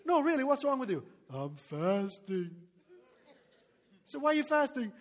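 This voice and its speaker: A man preaching a sermon as pastor, animated, laughing often and calling for responses from the congregation. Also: very high-pitched, racing, big-room sound.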